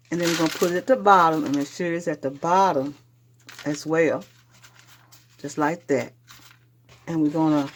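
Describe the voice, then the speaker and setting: A woman's voice: low-pitched, slight background noise. A woman with a Southern US accent hosting a casual cooking demonstration in her home kitchen, chatting to viewers as she works. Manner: chatty, addresses viewers as y'all. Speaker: home cooking show host.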